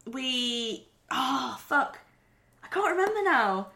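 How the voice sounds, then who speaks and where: Bright, giggly young Geordie woman. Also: high voice, very animated, takes it slowly, creaky. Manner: giggly, playful banter. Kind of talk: casual chat.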